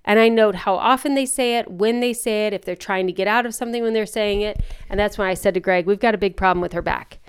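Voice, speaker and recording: Frank chatty woman in her 40s, very smooth clear voice, talks with her hands kinda. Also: medium pitch, fast, few pauses. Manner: chatty, frank, animated storytelling. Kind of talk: casual chat.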